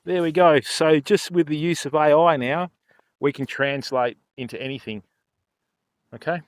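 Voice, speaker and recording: A man's voice: on the high side, moderate pace, dry recording. An older man hosting a fishing livestream, chatting casually and joking with viewers. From Australia. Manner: chatty, jokey, laughs often, addresses chat by name.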